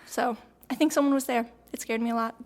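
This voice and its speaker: A woman's voice: a little high, steady tone, fast. A teenage girl on a youth radio team telling a spooky story in a chatty way, often laughing and using fillers. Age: teens. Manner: chatty, giggly, many fillers. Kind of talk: casual storytelling.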